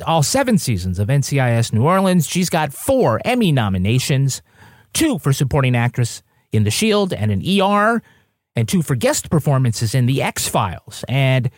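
A woman's voice: rumbling low, sing-song, normal speed, a little mellow, no echo, clean studio sound. Jokey woman reciting actor trivia. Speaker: podcast co-host. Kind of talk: casual TV recap chat.

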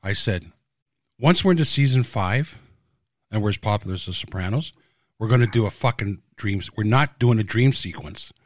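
A man's voice: fairly low pitch, lively intonation, normal speed, dry recording, clean studio sound. A man casually recalling how his TV series was made, blunt and swearing freely as he tells the stories. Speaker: TV series creator. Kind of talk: casual reminiscing chat.

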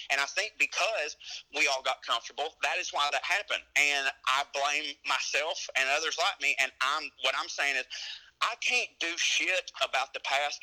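A man's voice: fairly high pitch, pushed and bright, poor audio. A man from Georgia, a comedian, talking in a loose, profane way with lots of filler words. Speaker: comedian guest. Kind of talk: casual conversation.

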